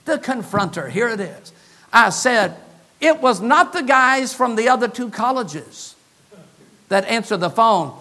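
A high-pitched male pastor preaching a sermon in a church. He tells his stories in an animated way and acts out each person in the dialogue with his own shifting voices. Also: unhurried. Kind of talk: sermon storytelling.

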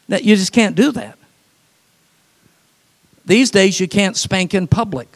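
High-voiced man preaching with folksy humor. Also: unhurried, long pauses. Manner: animated storytelling, drops to quiet and soft for emphasis; folksy and humorous, laughs at his own stories. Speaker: pastor. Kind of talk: sermon.

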